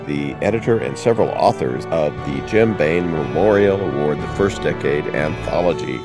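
A man's voice: extremely low pitch, a little mellow. A man hosting a podcast, giving a playful, upbeat sign-off and thanks. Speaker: podcast host. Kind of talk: podcast outro.

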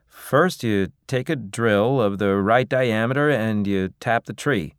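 A man's voice: fairly low pitch, unhurried, clear, resonant tone, no echo, studio quality, close to an everyday voice. A man voicing a practical maple-tapping specialist who explains things step by step. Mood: instructive. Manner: matter-of-fact explaining.

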